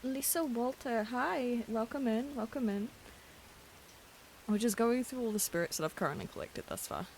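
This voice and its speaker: A woman streaming a game late at night, chatting casually in a hushed voice, giggling and gushing over cute things. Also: a little high, lively intonation, a little fast, vocal fry, few pauses, slight background noise. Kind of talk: casual live-stream chat while gaming.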